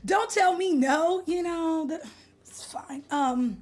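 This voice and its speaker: A woman's voice: very high-pitched, takes it slowly. A young adult woman from California, streaming and chatting casually with her viewers in a playful, slangy way, greeting them by name. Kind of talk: casual chat with live viewers.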